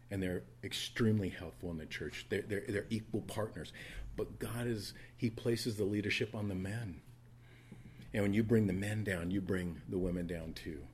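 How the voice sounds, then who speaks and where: A low-pitched male pastor recounts a Bible story during a church sermon, slipping into quick character voices and lively asides. The recording carries a little hiss or hum.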